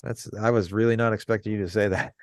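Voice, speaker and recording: A man with a lowish voice chats easily on a podcast, laughing often, close and dry to the mic. His delivery is relaxed and candid. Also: fast, smooth, dry recording. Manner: laid-back, laughs easily. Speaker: podcast co-host. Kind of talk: candid casual chat.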